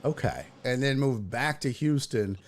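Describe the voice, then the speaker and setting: A man's voice: mid-range voice, lively intonation, a little slow. A man hosting a casual chat show, a stand-up comic who laughs often and swears freely. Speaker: host; stand-up comedian.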